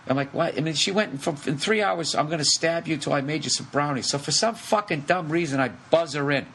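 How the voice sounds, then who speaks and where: A man's voice: fairly high pitch, brisk, vocal fry, slight background noise. Profane storytelling man, Boston accent. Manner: profane, animated, acts out the people in his story. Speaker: comedian telling a story on a podcast. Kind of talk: casual storytelling.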